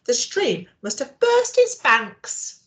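A woman's voice: high voice, sing-song, takes it slowly, fairly bright tone, pitched above the performer's own voice, exaggerated voice. Woman voicing a worried father mouse.

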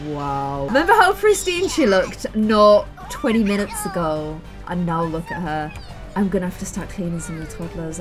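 A young Irish woman giving casual let's-play commentary, chatty and exasperated as she scolds the characters on screen. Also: mid-range voice. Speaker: gaming YouTuber.

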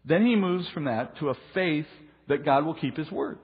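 A middle-aged man, a pastor, teaching a Bible study sermon in an earnest, explanatory way that lifts in pitch for emphasis. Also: lively intonation, normal speed, husky. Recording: long reverb, dull lo-fi sound.

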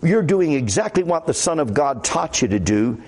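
A man's voice: fairly high pitch, big pitch swings, normal speed, darkish tone. A man with a Midwestern American accent preaching a sermon as pastor, conversational and quoting scripture aloud.

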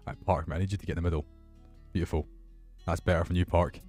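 A young man commentating his football video game with excitable, sweary banter. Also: sits low, quick pace, faint music behind. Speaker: gaming YouTuber. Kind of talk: casual gameplay commentary.

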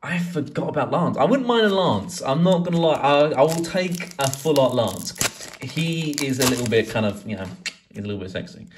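A man chatting casually as he opens card packs, swearing and rambling excitedly. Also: medium pitch, moderate pace, slight background noise. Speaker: card collecting YouTuber. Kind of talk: casual pack-opening vlog.

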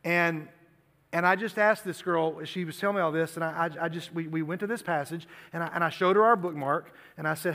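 With a fairly high, bright and forceful voice at a fairly quick pace, a middle-aged man delivers a sermon to teenagers. He's a youth pastor speaking in an earnest, conversational way and frequently repeats himself, and the recording carries long hall reverb.

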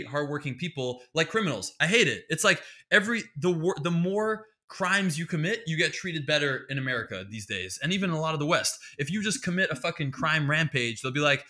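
Male podcast host, slightly high, sharp-toned voice, heated profane sarcastic rant. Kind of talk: ranting comedic monologue.

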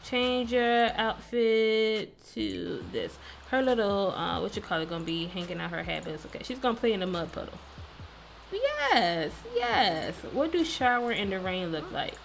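A woman's voice: medium pitch, very animated, normal speed, vocal fry, a little hiss or hum. A woman hosting a casual let's-play, chatting playfully and talking to the characters on screen. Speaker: gaming video host.

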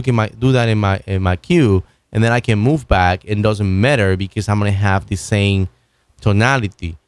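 A man with a lowish voice hosts a video reviewing microphones, casually demoing a broadcast mic on an arm at his home studio desk. His talk is loose and halting, with many restarts as he moves around the mic, so the distance varies; the sound has no room tone.

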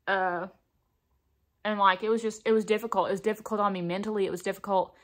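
A young woman talks through a get-ready-with-me makeup session at home. She is chatty and candid, leaning on fillers like "like" and "um" in loose, rambling sentences. Her voice sits at an ordinary middle pitch. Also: steady tone, fast talker. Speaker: beauty vlogger. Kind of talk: casual get-ready-with-me chat. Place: indoors at home, doing makeup on camera.

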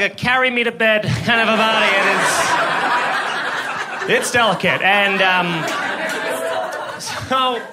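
Very high-voiced male stand-up comic. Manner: animated, self-deprecating, exasperated storytelling. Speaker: stand-up comedian. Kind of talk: stand-up comedy set. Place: comedy club stage, indoors. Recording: live club with ambient crowd noise.

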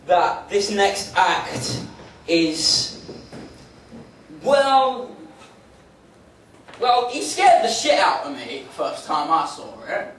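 A young man from England compèring a live comedy night in a pub, joking with and teasing the crowd. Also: sits high. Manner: jokey, self-mocking, banters with the crowd. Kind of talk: stand-up compèring. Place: pub function room, live audience. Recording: echoey room from far off. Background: room noise, crowd murmur.

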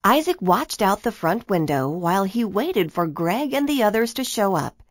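A woman reading a children's storybook aloud in an expressive storytelling way. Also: medium pitch, normal speed, no room sound, studio quality. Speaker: narrator. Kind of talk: children's book read-aloud.

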